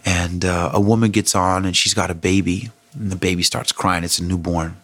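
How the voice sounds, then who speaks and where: A man's voice: deep voice, fairly even intonation, normal speed, fairly bright tone, no echo. A middle-aged man vlogging, telling a personal story in a candid, conversational and thoughtful way.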